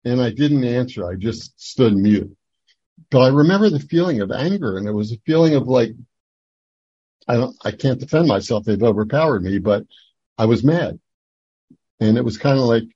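Older guy sharing his recovery story, halting, lots of ums, husky dull sound. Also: medium pitch, animated, dark tone, no room sound. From Atlantic City, New Jersey. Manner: halting, rambling storytelling with many fillers and restarts. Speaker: recovery meeting speaker. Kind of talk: personal testimony talk.

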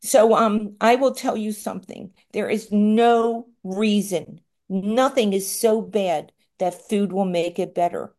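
Woman, middle-aged, candid personal share, rambling, self-deprecating, tearful at times, medium pitch. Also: slow pace, few pauses, darkish tone. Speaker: recovery meeting speaker. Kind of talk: personal share at a support meeting.

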